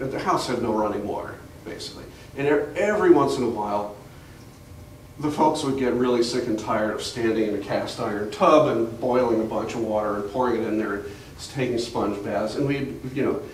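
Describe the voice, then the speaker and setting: Medium in pitch and a little mellow, the older man's voice carries rambling family anecdotes to listeners at a museum talk, where he's the guest speaker and keeps restarting sentences with fillers. It was recorded in the gallery from the audience on a distant camera mic, leaving an echoey, far-off sound and faint hiss.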